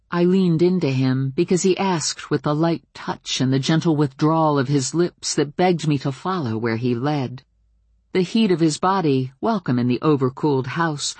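A woman reads a first-person novel aloud with a wry, expressive delivery. Her voice is husky and sits mid-range, recorded dry and close. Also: a bass voice, no echo. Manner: wry, expressive storytelling with lively voiced dialogue. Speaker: audiobook narrator.

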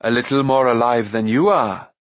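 A man's voice: mid-range voice, no room sound, close to an everyday voice. A man voicing a grave noble prince. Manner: measured, dignified, formal. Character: calm noble warrior prince, grave and gentle.

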